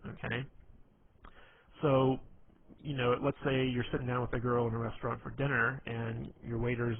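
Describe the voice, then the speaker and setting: A man's voice: mid-range voice, vocal fry. A young man giving casual dating advice in a rambling monologue, full of "you know" fillers and stammered restarts. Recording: tinny phone-like audio, faint noise.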